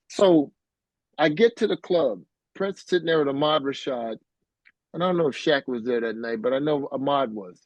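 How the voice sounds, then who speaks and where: A middle-aged man, a musician being interviewed, telling a story in a casual, animated way and acting out what others said. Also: fairly high pitch, moderate pace, no echo, low-quality recording. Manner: animated, acts out quoted voices.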